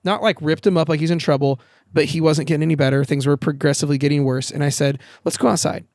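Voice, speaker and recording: A man chatting as a podcast guest outdoors, telling lively stories, acting out quoted lines and swearing casually. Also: a little high, quick pace, dry recording, clean studio sound. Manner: animated storyteller, acts out quoted voices, swears casually. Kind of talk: casual chat. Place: outdoor backyard.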